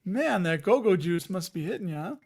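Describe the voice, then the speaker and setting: A man's voice: high-pitched, lively intonation, a little fast, creaky, darkish tone, breathy edge. A man in his forties with a Chicago accent, casually chatting and rambling as host of a live investing stream, joking and answering viewers. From Chicago area, Illinois. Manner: rambling, jokey, laughs often, reads chat aloud.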